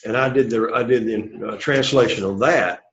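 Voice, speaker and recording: A man's voice: mid-range voice, moderate pace, a bit bright. A man teaching a Greek class, explaining at length and often checking in with "okay" and "all right.". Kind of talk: classroom lecture. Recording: echoey classroom, dull lo-fi sound.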